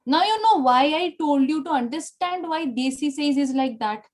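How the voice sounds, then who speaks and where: A woman's voice: sits high, animated, moderate pace, a little mellow. A woman with an Indian English accent teaching an online Spanish class, repeating numbers and praising students often.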